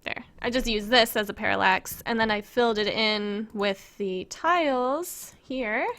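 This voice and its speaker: A woman's voice: a little high, a little slow, fairly bright tone. A woman casually chatting on a live stream as she shows her game-making work, giggling and rambling as she reads viewer questions aloud.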